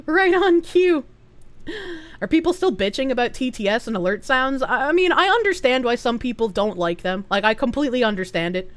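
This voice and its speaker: A woman live-streamer talks to her chat in a loose, giggly way, her pitch bouncing all over the place. She breaks into high squeals when thanking donors. The sound is close and dry, with no room in it. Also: very animated, brisk, dry recording. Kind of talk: casual live-stream chat, reading chat aloud.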